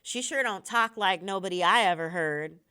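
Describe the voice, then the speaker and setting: A woman reading aloud, voicing a suspicious, threatening young man in a low, hostile tone. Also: moderate pace, bright, forceful tone, clean tone, lightly acted.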